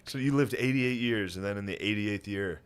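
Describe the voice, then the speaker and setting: A man co-hosting a comedy podcast, chiming in with dry, quick jokes in casual banter. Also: clear, resonant tone. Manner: dry quick quips with lively swings in pitch. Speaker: podcast co-host.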